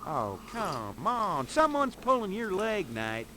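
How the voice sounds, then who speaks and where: A dismissive, mocking cop. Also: male voice, sits high, huge pitch swings, slow, sharp tone, a little hiss or hum, heavily acted. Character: gruff dismissive male police detective. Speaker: police detective. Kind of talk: 1990s adventure game voice acting.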